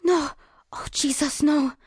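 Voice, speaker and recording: Scared teen girl, whimpering and frantic, high and shaky, storybook voice done by a woman narrator. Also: fairly even intonation, takes it slowly, no room sound, clean studio sound. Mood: panicked. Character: terrified teenage girl hiding from a man.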